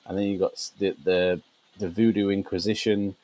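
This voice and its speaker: In poor audio, a gaming podcast co-host talks at a normal speed in a low, darkish voice with little pitch movement. The chat is casual, his explanations wander with lots of fillers, and he laughs often.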